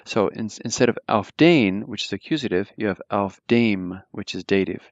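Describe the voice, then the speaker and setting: Male language teacher, lowish voice, patient, halting explanations, dry, dull audio. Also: expressive, dry recording. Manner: explains patiently, with frequent fillers and restarts. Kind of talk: live online grammar lesson.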